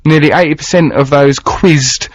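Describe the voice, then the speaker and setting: A fairly high, steady voice at a normal speed, with no room sound, belongs to an English radio host from Essex. His casual chat is playful and showy, with occasional put-on voices. The studio-mic broadcast is dry, dull and lo-fi.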